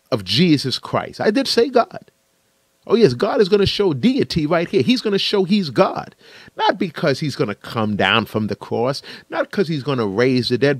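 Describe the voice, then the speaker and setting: Male preacher, impassioned sermon delivery with rhetorical questions, somewhat high voice, dry close recording. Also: no echo. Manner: emphatic preaching, rising bursts and rhetorical questions. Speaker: pastor.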